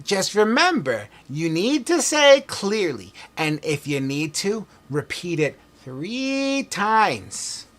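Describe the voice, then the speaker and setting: A man voicing a decrepit, hunched old miser who talks in slow, drawn-out sing-song. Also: high voice, big pitch swings, a bit bright, full character voice. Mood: wheedling.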